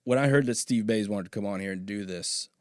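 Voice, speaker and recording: A man's voice: lowish voice, fairly quick, a little mellow, no echo, studio quality. A man hosting a podcast in a casual chat, joking, swearing and laughing often. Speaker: podcast host. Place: small home podcast studio.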